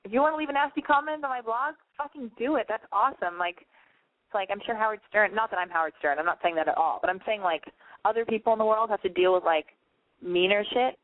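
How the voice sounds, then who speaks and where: A woman's voice: mid-range voice, fast talker, dry recording. A young woman hosting a call-in show, chatting casually and rambling, swearing often and filling with "like". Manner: chatty, swears a lot, many likes. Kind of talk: casual chat, profane and rambling. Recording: dry tinny phone-like sound.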